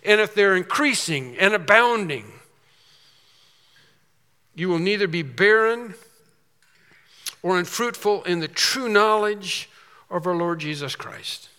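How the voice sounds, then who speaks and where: A man with a high, bright, forceful voice preaches an expository sermon. He poses questions and answers them himself with emphasis, and his words ring out in a hall with a long reverb. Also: expressive, takes it slowly, long pauses. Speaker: pastor.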